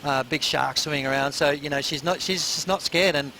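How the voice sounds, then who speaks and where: Fast, laid-back male surf analyst. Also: on the high side, pushed and bright, slight background noise, rough recording. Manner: laid-back, chatty, laughs easily. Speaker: surf commentator, former world champion. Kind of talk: post-show sports commentary.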